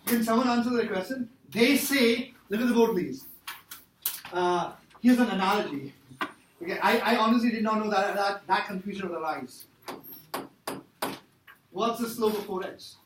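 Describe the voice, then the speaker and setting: A man's voice: high-pitched, moderate pace, pauses often, noisy background. A man teaching a math class, emphatic and repetitive as he quizzes his students. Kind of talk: classroom lecture. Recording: echoey classroom from far off.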